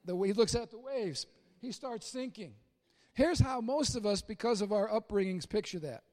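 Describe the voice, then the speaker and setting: A man preaching a sermon in an animated way, acting out the voices of Bible figures and shouting at the high points. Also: moderate pace, long reverb tail. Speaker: pastor.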